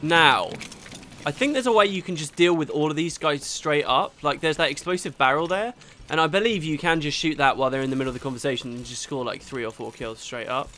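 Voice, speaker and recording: A man's voice: fairly high pitch, fairly quick, pushed and bright. A young man hosting a let's play at home, chatting and rambling as he reacts to the game, recorded on a desktop mic. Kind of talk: gameplay commentary. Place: home room during a thunderstorm. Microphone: desktop mic recorded in Audacity.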